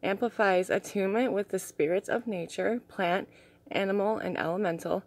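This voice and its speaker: A young woman vlogging in an excited, gushing way, a little out of breath, sometimes dropping to soft asides. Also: medium pitch, normal speed, no room sound. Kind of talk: casual unboxing chat.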